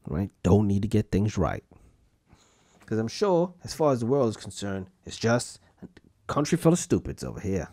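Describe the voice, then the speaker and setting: A man's voice: on the low side, very animated, moderate pace, dark tone, no room sound, clean studio sound. A man hosting a podcast, talking in a rambling, self-mocking solo rant. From United States. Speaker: podcast host. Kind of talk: casual solo podcast monologue.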